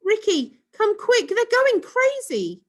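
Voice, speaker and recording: A woman voicing a bossy little girl in a children's storybook, giving orders in a high voice. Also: huge pitch swings, slow, fairly bright tone, heavily acted. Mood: alarmed. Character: bossy little girl playing tea party.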